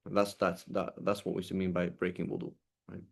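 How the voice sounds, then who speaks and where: His voice sits low, with little pitch movement, vocal fry, and a breathy edge. The man teaches a classical legal text informally, quickly reading passages aloud before explaining them with many restarts.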